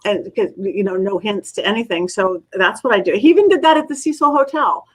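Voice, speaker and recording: A woman's voice: mid-range voice, brisk, rough recording. A middle-aged woman, a guest psychic medium, telling stories in a casual interview and acting out the voices of the people in them. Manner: animated storyteller, acts out quoted voices.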